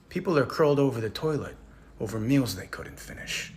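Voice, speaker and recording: A man giving a mock-serious comedic lecture, intense and deadpan, dropping to whispers and rising to loud outbursts. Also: mid-range voice, fairly quick, breathy edge. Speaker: comedy sketch creator.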